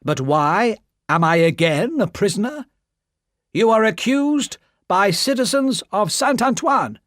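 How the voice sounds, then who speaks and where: A man voicing a rough, blunt revolutionary who makes loud accusations. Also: sits high, lively intonation, measured pace, dry recording, studio quality, voice pushed up. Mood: stern.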